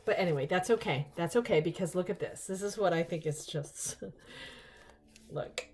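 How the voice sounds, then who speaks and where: An older woman hosting a casual unboxing vlog, chatty and excitable, rambling into asides. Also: on the low side, fairly quick. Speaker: vlog host.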